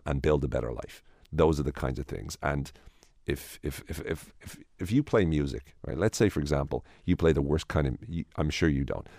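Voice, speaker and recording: A man's voice: rumbling low, creaky, darkish tone, no room sound, studio quality. A man, a guest in an interview, explaining ideas at length with frequent restarts and acted-out inner voices. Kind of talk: conversational interview.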